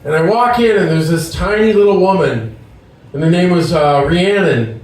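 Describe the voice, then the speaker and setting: Guy from milwaukee spinning a yarn on stage, kinda high voice, super echoey hall, sounds far off the mic. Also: moderate pace. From Milwaukee, Wisconsin. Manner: animated, acting out dialogue, laughing at punchlines. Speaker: storyteller and emcee. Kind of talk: live storytelling on stage. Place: live event venue.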